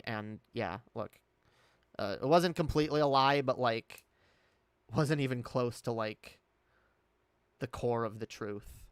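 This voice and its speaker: A man's voice: medium pitch, a little slow, pauses often, smooth, dry recording. A man speaking with a put-on British accent in a casual live-stream chat, rambling candidly, reading chat and swearing often. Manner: reads and answers chat.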